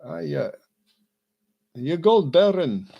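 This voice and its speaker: A booming, high-pitched male airline pilot with an exaggerated Jamaican accent, as a man puts him on. The voice is brash and gravelly, delivered with a lot of enthusiasm and not much conviction. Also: very animated, slow, dark tone, dull audio, heavily acted. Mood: boisterous. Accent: attempted Jamaican. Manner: enthusiastic, unconvincing put-on accent.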